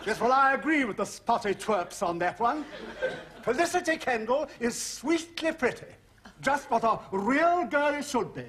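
A man's voice: very high voice, animated, unhurried, fairly bright tone, exaggerated voice. An actor playing a pompous, blustering middle-aged father with a British accent. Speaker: sitcom character.

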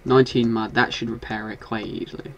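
A man giving casual, excitable commentary while playing a video game, scolding and swearing at the monsters on screen. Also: medium pitch, a little fast, dull audio, slight background noise. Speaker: gaming video host.

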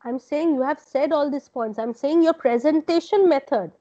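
Female lecturer, Indian English accent, high pitch, insistent and repetitive, dull online-call sound. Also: normal speed, dark tone. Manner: corrective, repeats points. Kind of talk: online class feedback. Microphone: video call.

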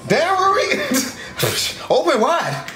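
A young man casually reacting to an anime episode, animated and slangy, laughing and swearing as he goes. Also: very high-pitched, extremely slow, faint music behind. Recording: echoey room.

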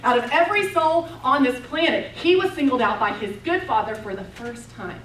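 A woman preaches with passion, swinging from loud declarations to hushed intensity. Her voice sits a bit high, and the mic is far from her. The sound rings in a roomy hall over faint background noise. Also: expressive, moderate pace. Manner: impassioned storytelling, swings between loud and hushed. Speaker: women's retreat speaker. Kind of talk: sermon.

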